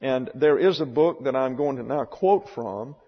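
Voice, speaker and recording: A man teaching a Bible class, deliberately spelling out and pronouncing terms for his students. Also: mid-range voice, breathy edge. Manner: deliberate, spells out words slowly. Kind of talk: classroom lecture. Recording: dull lo-fi sound in a reverberant hall.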